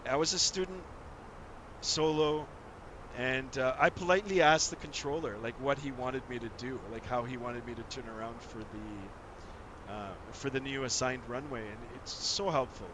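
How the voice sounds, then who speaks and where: A Canadian man with a mid-range voice and fairly even intonation talks at normal speed against a noisy background. A real pilot streaming a flight sim, he chats in a friendly, rambling way, loaded with fillers and restarts.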